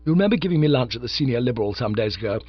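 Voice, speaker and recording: A man voicing a bumbling, lovesick young English gentleman who gushes and pleads, in a dull, dry recording. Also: mid-range voice, lively intonation, very fast, husky. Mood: eager pleading. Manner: gushing, pleading.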